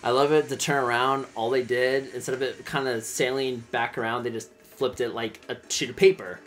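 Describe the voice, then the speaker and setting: A man's voice: medium pitch, fairly even intonation, normal speed, fairly bright tone. A man hosting a let's play, chatty and enthusiastic. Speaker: gaming channel host.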